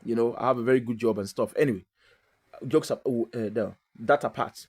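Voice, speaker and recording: A woman's voice: very deep voice, brisk, darkish tone, breathy edge. A woman from Nigeria with a Nigerian accent, talking in a chatty, emphatic and digressive way as the host of a casual monologue.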